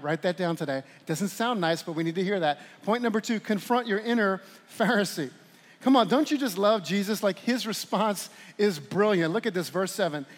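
A man in his forties preaching a sermon to a church congregation in an animated, conversational way with playful asides. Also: high-pitched. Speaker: pastor. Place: large church hall. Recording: long hall reverb.

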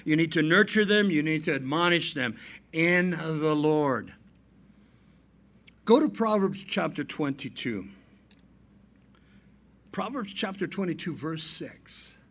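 A man in his fifties preaching a sermon as pastor, telling family stories, dropping into quiet asides and rising into emphatic points. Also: on the high side, animated, slow pace, pauses often. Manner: storytelling preacher, swings between soft asides and emphatic raised points.

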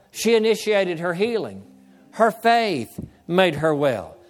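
High-voiced preaching pastor, man. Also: very animated, big-room sound. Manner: preaching with call-and-response, slowing to stress key words. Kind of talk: sermon.

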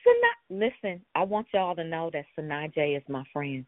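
A woman's voice: low voice, wildly swooping pitch, normal speed, no room sound. A woman hosting a call-in prayer line in a casual, playful way, laughing often and now and then breaking into song. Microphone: phone. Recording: phone line, dry.

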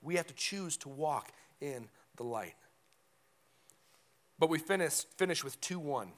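A man's voice: fairly high pitch, lively intonation, measured pace. A man preaching a conversational, emphatic sermon in a church, often checking in with "right?". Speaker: pastor. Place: church sanctuary.

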